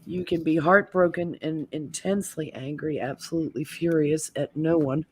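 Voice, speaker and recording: A woman from the Southern United States, a guest in a casual group chat, speaking gently and reflectively. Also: low-pitched, steady tone, normal speed, breathy edge. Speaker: podcast guest.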